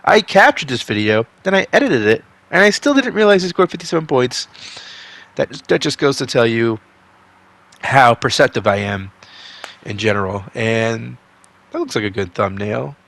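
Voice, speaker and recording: A man doing play-by-play for a basketball video game simulation, swinging from calm asides to excited outbursts, a bit sick. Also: medium pitch, normal speed, gravelly. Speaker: video game sim commentator. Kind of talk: play-by-play commentary.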